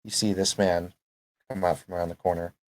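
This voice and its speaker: Game master, man with a very deep voice, easygoing narration. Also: level tone, brisk, a little mellow.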